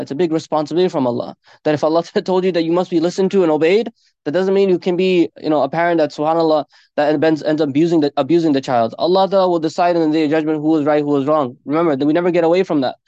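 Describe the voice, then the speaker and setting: Male preacher, informal sermon, quick and earnest, slightly raised voice, dull dry lo-fi sound. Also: a little high, darkish tone, no room sound. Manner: earnest, conversational, peppered with Arabic phrases. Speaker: Islamic preacher.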